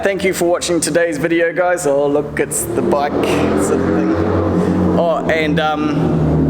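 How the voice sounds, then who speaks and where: A man talking casually to camera as a car audio vlogger, relaxed and rambling. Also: mid-range voice, in a large hall. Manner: relaxed, rambling, chatty with viewers.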